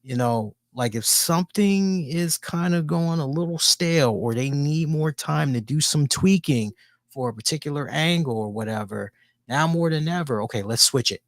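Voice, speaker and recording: Co-hosting a podcast talk show, a man with a slightly high voice goes on a casual, animated rant full of swearing and jokes. He speaks at normal speed, and the studio-quality recording has no echo.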